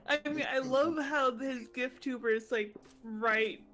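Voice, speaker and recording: A woman's voice: high-pitched, a little slow, a bit bright, a little hiss or hum. A woman in a group call chatting casually, with lots of fillers. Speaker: streamer's friend. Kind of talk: casual chat.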